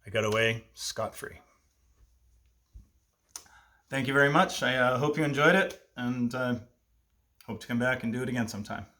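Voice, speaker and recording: A man in his fifties telling a personal childhood story, lively and self-amused, with asides to the listener. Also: mid-range voice, brisk. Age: 50s.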